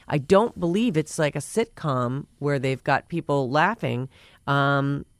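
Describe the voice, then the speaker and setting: A woman's voice: deep voice, a little slow, no echo. Chatty woman host, dry studio sound. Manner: chatty, rambling, with frequent fillers and restarts. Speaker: radio show host. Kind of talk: casual show chat reading entertainment news.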